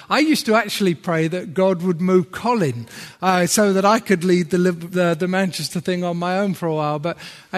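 A middle-aged man with a northern English accent preaching a sermon, chatty and self-deprecating, with asides to the congregation. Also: high-pitched. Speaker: visiting preacher. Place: church hall. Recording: long hall reverb.

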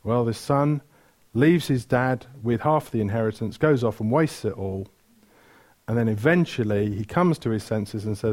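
A man's voice: fairly low pitch, normal speed, a little mellow. A man preaching a sermon, retelling stories with energy, asking the room questions and correcting himself mid-flow.

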